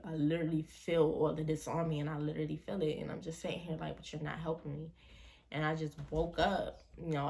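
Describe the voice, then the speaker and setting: A woman's voice: low-pitched, vocal fry. A young woman vlogger casually telling a personal story in slangy speech, acting out the voices of the people in it. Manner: slangy, animated retelling with quoted voices.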